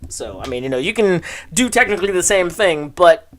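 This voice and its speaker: A man's voice: high-pitched, animated, a little fast, slight background noise. A man hosting a casual live stream as a comic artist. He gives feedback in a rambling way, filling his talk with "you know" and "like". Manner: laughs often while reading.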